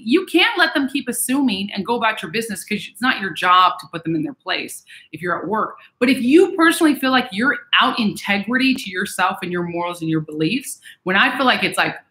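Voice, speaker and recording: A woman vlogger giving casual advice to viewers in a chatty, animated way, acting out what other people say. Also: mid-range voice. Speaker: vlogger reading and answering viewer messages. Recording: echoey room.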